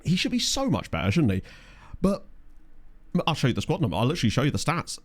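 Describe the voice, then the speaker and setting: Male streamer, quick lively delivery, jokey game commentary. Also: fairly high pitch. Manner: chatty, jokey, reads game stats aloud. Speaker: streamer playing a management game. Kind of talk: casual live-stream chat.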